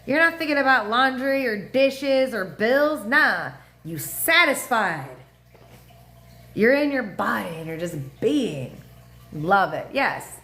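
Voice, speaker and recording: A woman hosting a casual astrology livestream, talking in an animated, profane way with laughing asides and sing-song voices. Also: fairly high pitch, slow. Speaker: livestream host. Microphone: phone or webcam mic.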